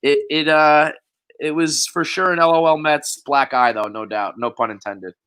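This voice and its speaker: A man's voice: a little high, fairly even intonation, moderate pace, fairly bright tone, clean tone. A young man co-hosting a sports podcast, talking in a loose, rambling way with frequent restarts and casual swearing. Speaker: podcast co-host.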